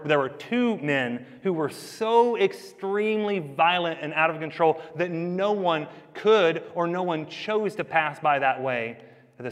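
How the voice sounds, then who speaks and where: Casual preacher in a reverberant hall. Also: male voice, on the high side. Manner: conversational, storytelling, shifting between loud and quiet. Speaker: pastor. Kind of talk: sermon. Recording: long reverb of a large hall.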